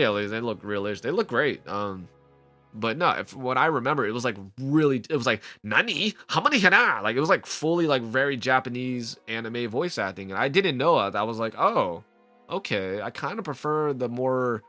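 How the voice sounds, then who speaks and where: A man giving casual, rambling commentary on a video game he is playing, full of fillers. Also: medium pitch. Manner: rambling, animated, frequent "like" fillers. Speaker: let's play host.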